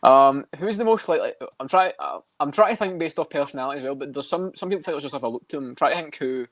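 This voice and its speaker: A man co-hosting a podcast, riffing quickly and swearing between laughs. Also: a little high, lively intonation, no room sound. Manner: quick, profane, laughing riffs. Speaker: podcast co-host. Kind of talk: casual podcast chat.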